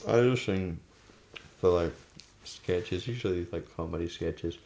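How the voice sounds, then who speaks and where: A man's voice: low voice, measured pace, darkish tone, a little hiss or hum. A young man co-hosting a casual chat, laid-back and hesitant, laughing often. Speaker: co-host.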